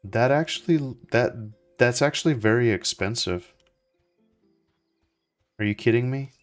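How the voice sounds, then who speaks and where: A young man chatting casually as he plays, relaxed and rambling with lots of fillers and restarts. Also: mid-range voice, unhurried, faint music behind. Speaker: gaming streamer. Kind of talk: casual gameplay commentary.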